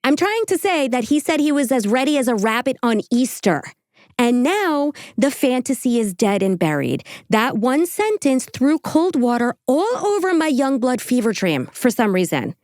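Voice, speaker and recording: A woman's voice: high-pitched, very animated, normal speed, a little mellow, dry recording, studio quality. A woman hosting a podcast in casual chat, chatty and giggly, swearing freely. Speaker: podcast host.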